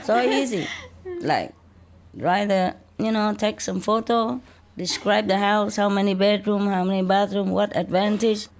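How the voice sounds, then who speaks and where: A woman's voice: mid-range voice, steady tone, measured pace. A woman spiritual teacher giving casual advice, often laughing and teasing, in broken English.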